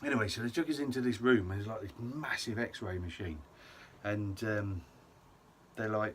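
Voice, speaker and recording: A young man with a fairly low voice tells a story to his viewers in a loose, rambling, self-mocking way. Soft background ambience hums faintly behind him. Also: normal speed, a little hiss or hum. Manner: chatty, self-mocking, lots of ums and et ceteras. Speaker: vlogger. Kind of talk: casual storytelling to camera.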